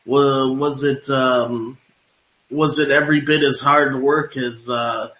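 A man's voice: mid-range voice, fairly even intonation, takes it slowly, a bit bright. A man hosting an interview, rambling and padding his questions with fillers. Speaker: interview host. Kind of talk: radio-style interview. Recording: roomy echoing room.

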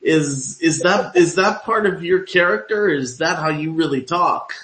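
A man's voice: a little high, a little slow, fairly bright tone. A man hosting an interview, rambling and padding his questions with fillers. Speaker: interview host. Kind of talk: radio-style interview. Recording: roomy echoing room.

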